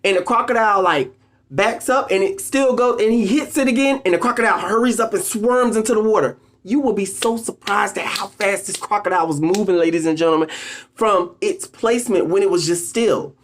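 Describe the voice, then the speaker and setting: Talking straight to camera in a mid-range voice, this video host tells animated stories as casual motivational advice, addressing the audience directly again and again and stretching out his phrases for emphasis.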